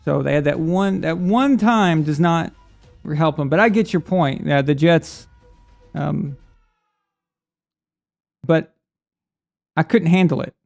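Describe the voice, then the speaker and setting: A man's voice: a little high, slow pace, creaky, pauses often, darkish tone, faint music behind. A man hosting a live sports stream in a casual, rambling way, reading out viewer messages. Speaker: sports show host.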